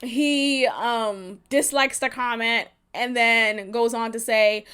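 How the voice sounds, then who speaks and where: A woman from Texas hosting a podcast, telling a dating story at home in a blunt, profane, animated way. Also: a little high, slow pace, hardly any pauses, clear, resonant tone. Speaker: podcast host. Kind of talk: casual storytelling monologue.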